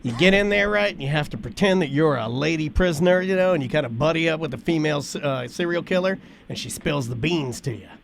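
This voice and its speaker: High-voiced joking man co-host. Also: fast talker, creaky, few pauses, a little hiss or hum. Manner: jokey, often puts on silly voices. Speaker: podcast co-host. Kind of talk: casual comedic chat.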